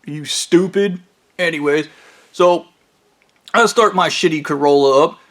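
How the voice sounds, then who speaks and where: A man's voice: a little high, measured pace, fairly bright tone. A man telling a crude comic story in a profane, blunt and mocking way. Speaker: storyteller comedian.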